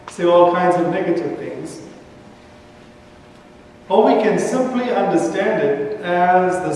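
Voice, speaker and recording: A man's voice: high voice, darkish tone, slight background noise. A male pastor delivering a sermon in a church, telling stories from the streets and acting out the voices in them. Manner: storytelling, acts out street voices in quotes. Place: large church sanctuary. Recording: echoey church hall, mic from far off.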